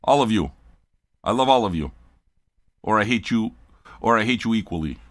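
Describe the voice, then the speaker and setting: A man's voice: on the low side, lively intonation, moderate pace, no room sound, studio quality. An older man hosting a record-listening show, talking in a blunt, profane, rambling livestream rant.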